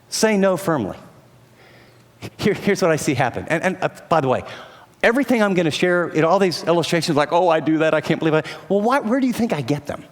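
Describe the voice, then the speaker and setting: Male pastor, middle-aged, high voice, animated sermon, long echoing hall. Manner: conversational, animated, acts out scenes.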